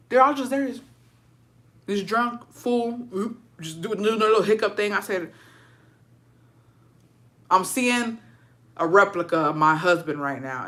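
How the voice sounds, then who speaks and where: Profane animated woman telling a story. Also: mid-range voice. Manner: profane, animated, mixes in Spanish words. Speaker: storyteller on a livestream. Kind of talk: casual storytelling rant.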